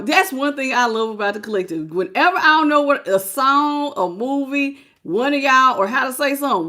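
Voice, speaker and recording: A woman's voice: on the high side, bright, forceful tone. A woman giving a live tarot reading, talking casually with her viewers, greeting them by name and laughing often. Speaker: tarot reader.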